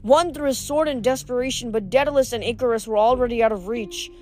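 A woman's voice: fairly high pitch, fast, dark tone. A woman reading chapters of a novel aloud, often stumbling over words and restarting. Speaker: reader.

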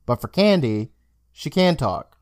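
The young co-host talks at a measured pace in a clean, medium-pitched voice. On the podcast he recaps a TV episode in relaxed conversation, bringing the story to life by acting out what the characters say. Studio quality, no room sound.

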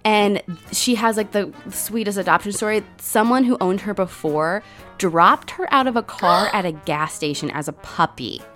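A woman's voice: medium pitch, moderate pace, faint music behind. A woman co-hosting a podcast in a casual chat, telling stories animatedly and acting out what people said. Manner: animated, acts out quoted dialogue, frequent "like". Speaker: podcast co-host.

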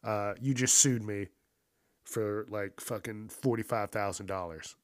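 A man's voice: lowish voice, fairly even intonation, measured pace, no echo, studio quality. A man giving casual, profane commentary on an odd news story, incredulous and laughing often.

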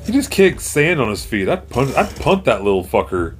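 A man co-hosting a podcast, telling crude jokes and animated stories in casual chat. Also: mid-range voice, moderate pace, a little hiss or hum. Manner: crude, joking, animated storyteller. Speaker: podcast co-host.

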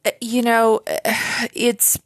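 A woman co-hosting a podcast, affirming her partner and sharing a personal story with deep feeling. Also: monotone, slow pace, dry recording, clean studio sound. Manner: warm, affirming, emotional storytelling. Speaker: podcast co-host. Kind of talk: casual chat.

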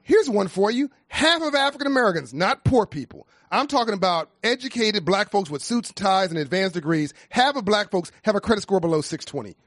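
A man's voice: high-pitched, animated, fairly quick, few pauses, a bit bright, no room sound, studio quality. A man founding a nonprofit, speaking with emphatic, preacher-like cadence and repeated phrases in an impassioned panel talk.

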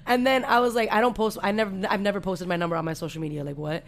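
A woman's voice: medium pitch, rapid-fire, slight background noise. A young adult woman, hosting a podcast and telling a story in casual chat full of swearing. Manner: profane, animated storytelling. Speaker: podcast host.

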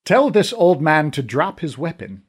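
A man's voice: a little high, big pitch swings, unhurried, husky, voice pushed up, heavily acted. A man narrating an audiobook voices a proud old male archer master who speaks formally. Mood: haughty.

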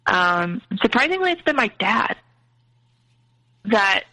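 A woman's voice: medium pitch, sing-song, slow, pushed and bright, rough recording. A woman as a podcast guest, earnestly recounting personal experiences with frequent restarts. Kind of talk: emotional personal storytelling.

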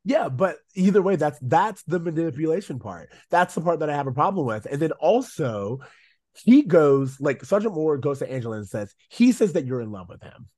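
A man's voice: on the high side, sing-song, normal speed, warm tone, no echo, studio quality. A man co-hosting a casual podcast chat, giving firm opinions and laughing easily. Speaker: podcast co-host.

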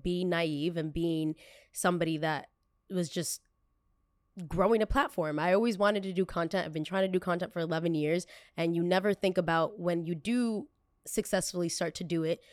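A young woman with a fairly low voice tells a story on her podcast. She is blunt and emphatic and acts out what people said. The recording is dry and close, with no room sound. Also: no echo. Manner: emphatic, animated, acts out quoted dialogue; blunt, self-aware. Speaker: podcast host.

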